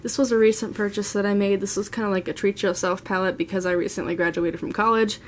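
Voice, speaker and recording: A woman's voice: mid-range voice, fairly even intonation, fast, a little hiss or hum. Gushing young woman vlogger, chatty. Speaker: beauty vlogger. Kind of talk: casual makeup collection tour. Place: at home, seated.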